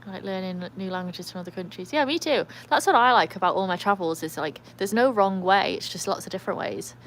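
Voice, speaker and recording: A woman's voice: mid-range voice, quick pace, slight background noise. An English woman hosting a casual livestream, chatting in a rambling way and reading viewer comments aloud. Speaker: livestream host with a trick dog. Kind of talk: casual live-stream chat.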